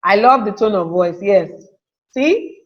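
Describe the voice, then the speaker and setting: A woman's voice: medium pitch, animated, unhurried, lo-fi sound. A woman teaching a live online class, chatty, reading out and answering viewer comments. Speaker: webinar teacher.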